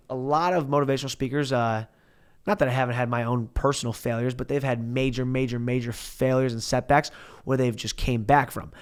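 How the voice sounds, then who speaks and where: Animated young man telling a story. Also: medium pitch, smooth. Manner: animated, slangy, acts out quotes. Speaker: podcast guest. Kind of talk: casual storytelling.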